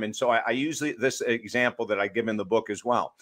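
With a fairly low voice, this man talks briskly and barely pauses. He's an author and addiction counselor giving a podcast interview, emphatic and full of stories and lively asides.

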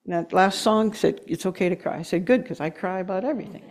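Earnest woman speaker, low voice. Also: darkish tone. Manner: earnest, emotional, with slow emphatic stretches and laughs. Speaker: guest speaker. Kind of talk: sermon.

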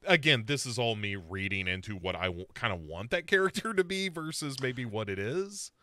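A man's voice: medium pitch, normal speed, no echo. A man co-hosting a podcast, recapping a horror series in casual chat and acting out characters' lines. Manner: animated storyteller, acts out characters' lines. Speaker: podcast co-host.

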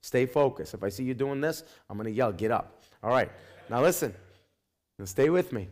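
A man's voice: mid-range voice, expressive, normal speed, darkish tone. A male pastor preaching a sermon in an emphatic, repetitive way, speaking straight to his congregation.

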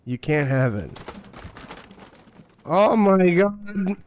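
This horror-game streamer's voice sits high and is animated yet very slow, with a little hiss or hum in the audio. He gives live gameplay commentary, swearing, cracking jokes and talking back to the game and his chat.

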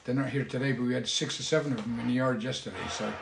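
A man hosting a casual livestream from his home, talking in a rambling, halting way with many fillers. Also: mid-range voice, steady tone, creaky, reverberant, faint music behind. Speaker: musician hosting a weekly livestream.

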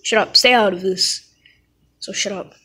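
A woman's voice: medium pitch, moderate pace, a crowd in the background. A woman performing a comedy skit, bickering insistently over how a word is pronounced.

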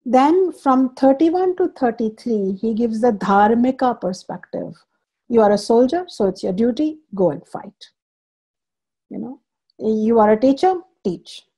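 A woman teacher gives a scripture class with a somewhat high, soft-edged voice that sounds a little breathy. She stresses key points by saying them twice and pauses to explain terms in English. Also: expressive. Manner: emphatic, repeats key phrases for stress. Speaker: spiritual teacher.

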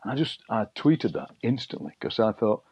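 A middle-aged man with a low, husky voice tells stories in an interview, bright and anecdotal, slipping into the voices of people he overheard. The sound is dull and lo-fi, dry with no room echo. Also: big pitch swings, normal speed. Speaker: poet and broadcaster, guest. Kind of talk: interview storytelling.

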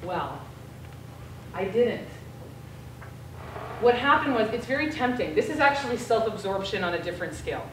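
An American woman giving a guest lecture to a class, telling a story in a frank, casual, lively way. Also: medium pitch, moderate pace, long pauses, a little hiss or hum. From United States. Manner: animated storyteller, casual and frank with mild swearing. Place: lecture room. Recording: echoey room, voice from far off.

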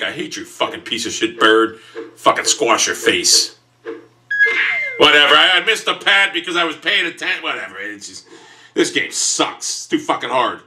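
A man giving profane gameplay commentary while seated, grumbling, then bursting into yelling outbursts. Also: medium pitch, slight background noise. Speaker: gamer. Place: seated in a chair while playing.

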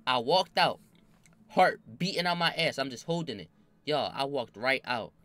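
Brash, animated young man telling a story. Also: mid-range voice, moderate pace, no room sound. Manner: animated, slangy, swears a lot, bursts into loud laughing shouts. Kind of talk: casual storytime.

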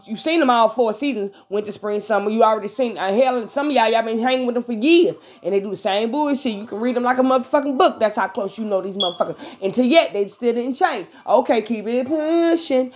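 A woman giving viewers a casual spiritual pep talk, profane and animated, laughing often and breaking into bits of song. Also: a little high, slight background noise. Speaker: spiritual vlogger.

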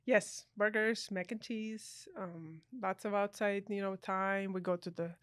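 A woman's voice: medium pitch, measured pace, clean tone, no room sound, clean studio sound. A woman from Ukraine, a guest in an interview, telling stories with emotion and acting out the dialogue. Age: adult. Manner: animated, emotional, acts out dialogue in voices. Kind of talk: conversational interview storytelling.

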